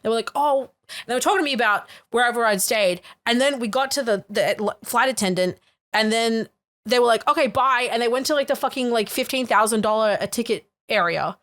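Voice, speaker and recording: A young woman chats on a podcast with a fairly high voice. She rambles through self-mocking anecdotes, swearing casually and laughing at herself. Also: a little fast, a bit bright. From Australia. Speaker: podcast co-host. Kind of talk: casual chat.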